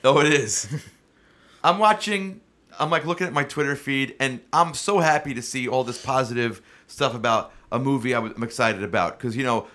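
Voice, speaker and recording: Bright-voiced man in podcast chat. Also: mid-range voice, normal speed. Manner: animated, rambling with restarts.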